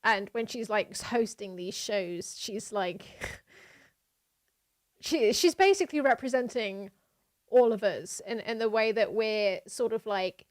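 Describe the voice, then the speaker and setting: A woman's voice: mid-range voice, lively intonation, slow pace. A young British woman streaming and chatting casually, rambling with many fillers and frequent laughs. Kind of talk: casual reaction-stream chat.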